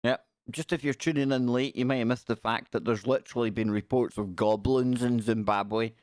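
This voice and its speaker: A man's voice: mid-range voice, steady tone, moderate pace, no echo, studio quality. A man hosting a live stream, chatting casually and joking as he reacts to pictures. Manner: jokey, reacting aloud to pictures with quips. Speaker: livestream host.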